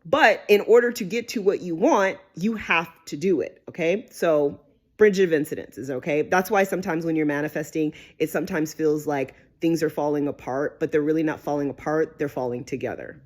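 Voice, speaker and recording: A woman vlogger telling a personal story to camera in a casual, animated way, stressing words and swearing freely. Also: low voice, moderate pace. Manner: animated, emphatic, peppered with swearing and "right?".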